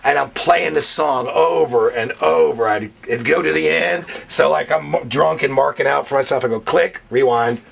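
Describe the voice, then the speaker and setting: A man telling profane stories in a casual interview, animated and full of curses. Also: a little high, moderate pace, gravelly, few pauses, husky. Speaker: wrestling interview guest. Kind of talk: casual storytelling.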